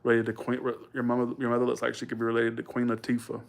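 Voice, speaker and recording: A man's voice: mid-range voice, monotone, racing, gravelly. A young man from Georgia, chatting casually with viewers and rambling through a story, full of restarts and asides. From Georgia, USA. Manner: rambling, self-correcting, colloquial, quotes others in raised voice. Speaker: live streamer chatting with viewers.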